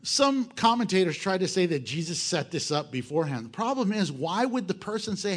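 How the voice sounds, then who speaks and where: Animated high-voiced male pastor preaching. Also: fairly quick. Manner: animated and joking, full of rhetorical questions. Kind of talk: sermon.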